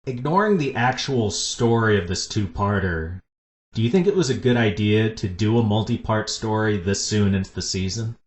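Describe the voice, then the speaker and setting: A man hosting a podcast in casual chat, enthusiastically pitching ideas. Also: expressive, moderate pace. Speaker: podcast host. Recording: echoey room.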